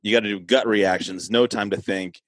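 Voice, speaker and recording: A man's voice: fairly low pitch, fairly even intonation, normal speed, no room sound, low-quality recording. A man hosting a podcast in a laid-back, joking way. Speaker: podcast host.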